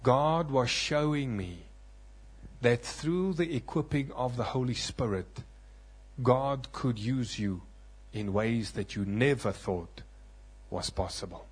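Man, preacher, husky voice, dramatic sermon storytelling, loud then hushed. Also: mid-range voice, slow pace. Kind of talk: sermon testimony.

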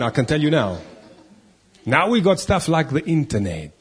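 Husky-voiced man preaching a sermon. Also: fairly high pitch, big pitch swings, a little fast. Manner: emphatic, rhetorical questions, reads scripture aloud.

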